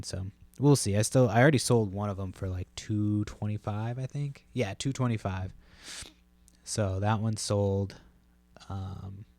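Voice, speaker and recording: A man's voice: on the low side, darkish tone. A man, rambling casually and profanely as a solo podcast host, full of fillers.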